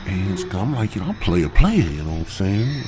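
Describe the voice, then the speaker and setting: A man's voice: sits low, big pitch swings, a little fast, background noise. A man hosting a podcast, rambling through a crude, profane comic story in a stoned drawl. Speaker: podcast host.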